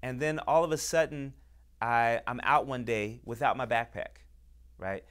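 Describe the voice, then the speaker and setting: A man hosting a show, talking with deep emotion and passion, acting out quoted voices as he makes his points. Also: measured pace, a bit bright, clean tone. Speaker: host. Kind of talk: impassioned talk to camera.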